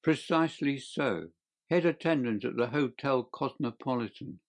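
A man reading an audiobook, voicing a calm, clever detective who speaks in a bland, measured way. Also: medium pitch, close to an everyday voice. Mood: composed.

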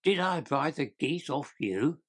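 A man reading an audiobook, voicing an angry market salesman who shouts fiercely. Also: medium pitch, normal speed, slightly rough.

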